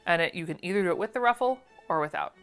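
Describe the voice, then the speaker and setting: A woman's voice: lowish voice, animated, very fast, a bit bright, faint music behind. A woman chatting casually through an unboxing, gushing and often trailing off mid-phrase. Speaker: vintage sewing pattern collector.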